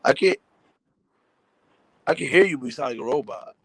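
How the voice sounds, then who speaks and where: A man's voice: fairly high pitch, expressive, moderate pace, vocal fry, a bit bright, breathy edge, no room sound. Slangy laid-back man on a phone call. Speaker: panel guest. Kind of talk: casual chat.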